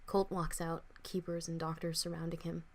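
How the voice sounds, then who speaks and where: A young woman, an author, reading her own fiction aloud in an expressive, dramatic first-person audiobook style. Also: fairly low pitch, moderate pace.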